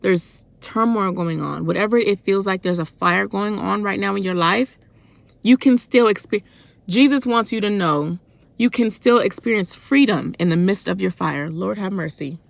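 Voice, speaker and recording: Fervent, gravelly-voiced woman preaching in a vlog. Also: medium pitch, moderate pace, no room sound. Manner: fervent, preachy and colloquial, with emphatic rhetorical questions. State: loud and worked up. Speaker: faith vlogger. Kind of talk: devotional vlog talk.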